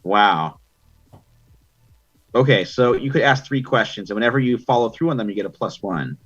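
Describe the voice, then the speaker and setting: Male game master, husky, easygoing narrator, muffled stream audio. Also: lowish voice, animated, normal speed, a bit bright, soft background music. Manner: chatty, many ums and likes. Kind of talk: narrating a tabletop game online.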